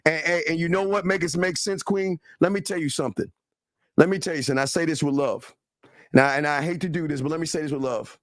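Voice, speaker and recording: A man's voice: on the high side, steady tone, fast, dry recording, studio quality. A man co-hosting a live talk show, profane and confrontational, talking animatedly to his audience. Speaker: co-host. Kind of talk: heated livestream talk.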